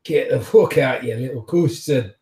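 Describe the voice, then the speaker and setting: A man doing a hulking Scottish brute from a tabletop game, thick-tongued and mumbling, swearing his way through every line. The voice sits at an ordinary pitch and rings off the walls of a roomy space. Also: moderate pace, warm tone, natural voice. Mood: aggressive. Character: rough burly Scottish male garage thug.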